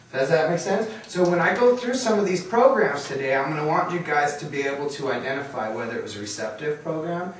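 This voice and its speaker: A man leads a workshop and keeps asking his listeners questions to check that they understand. His voice sits a little high. He is picked up from far across a very echoey room, with faint noise underneath. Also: fairly bright tone. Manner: quizzing the audience, checking for understanding. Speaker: trainer. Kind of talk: training workshop lecture.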